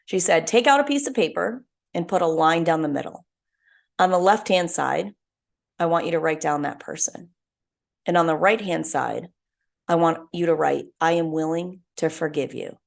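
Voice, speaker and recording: Earnest woman with a gravelly low voice. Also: normal speed. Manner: earnest, heartfelt storytelling. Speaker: podcast host. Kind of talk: reflective solo talk.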